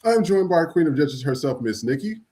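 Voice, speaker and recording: A man's voice: a little high, very animated, a little fast, warm tone. A man hosting a live podcast, talking loosely with fillers and apologies. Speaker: podcast host. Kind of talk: casual live podcast chat.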